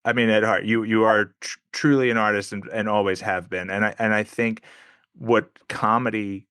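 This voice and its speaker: A man's voice: fairly low pitch, steady tone, normal speed, a bit bright, clean tone, no room sound, studio quality. A man hosting an interview podcast, talking eagerly with frequent restarts and asking the guest questions. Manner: enthusiastic, stumbling restarts, laughs often. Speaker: podcast host. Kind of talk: casual interview chat.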